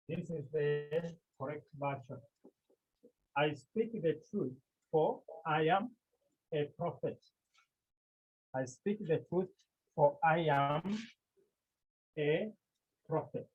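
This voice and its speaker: Man as Greek teacher, slow and repetitive, husky voice, tinny call audio. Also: fairly high pitch. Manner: slow, repetitive, with many pauses. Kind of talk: online language lesson. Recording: tinny phone-like line.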